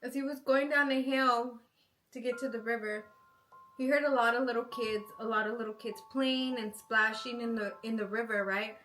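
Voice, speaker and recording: A woman telling a spooky story in a casual way, packed with "like" and "you know", sometimes going hushed. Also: fairly high pitch, steady tone, normal speed, soft background music, poor audio. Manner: chatty, full of "like" and "you know" fillers.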